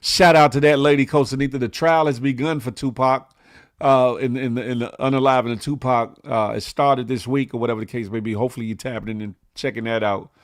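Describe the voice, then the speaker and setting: A man hosting a casual morning show, telling stories with lively quoted voices and frequent laughter. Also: mid-range voice, fast, dry recording, studio quality. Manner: storytelling, animated quoted voices, laughs often. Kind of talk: casual livestream chat reading comments.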